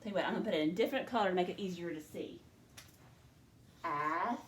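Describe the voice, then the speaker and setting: A woman teaching a second grade phonics lesson, slowly sounding out syllables in a clear teacher voice. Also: fairly low pitch, echoey room, a little hiss or hum.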